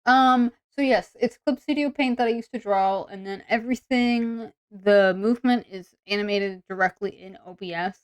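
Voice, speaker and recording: A woman's voice: mid-range voice, normal speed, hardly any pauses, clear, resonant tone, no echo. A woman streamer in casual, rambling chat with viewers, full of fillers. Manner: chatty and rambling, many "like" and "um" fillers.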